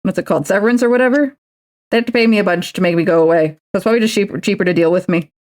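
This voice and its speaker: A woman's voice: medium pitch, racing, darkish tone. A woman streamer chatting casually while she crafts, rambling with lots of "like" and swearing freely.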